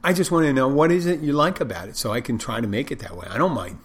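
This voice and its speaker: A man with a husky, rough-edged voice rambles through a casual monologue. He barks his words loudly, like a drill instructor, and keeps poking fun at himself. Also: medium pitch, quick pace. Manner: rambling, self-deprecating, loud barking delivery. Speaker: bartender and podcaster.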